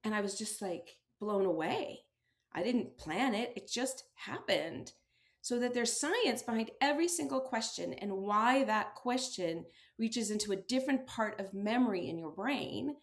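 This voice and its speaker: A woman's voice: mid-range voice, lively intonation, a little slow. A woman, an acting teacher and author, telling her story as an interview guest and acting out quoted exchanges with a laugh.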